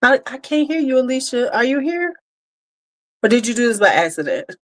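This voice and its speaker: A woman hosting a relaxed livestream who talks straight to her audience. Her speech is casual and animated, with frequent "right?" and "y'all". She sits at a middle pitch and her tone stays loose and conversational. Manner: chatty, animated, talks to viewers directly. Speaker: livestream host.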